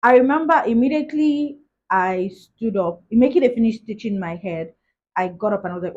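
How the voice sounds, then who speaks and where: Young woman vlogger, husky, casual chatty storyteller, muffled lo-fi sound. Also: on the high side, a little fast, a little mellow. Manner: chatty, retells events with many "like" asides. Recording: dull lo-fi recording.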